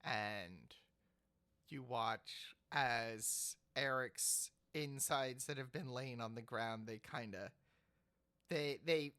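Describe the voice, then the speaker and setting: A man narrating as game master of a tabletop game, slow and halting, often restarting his words. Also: mid-range voice, pushed and bright.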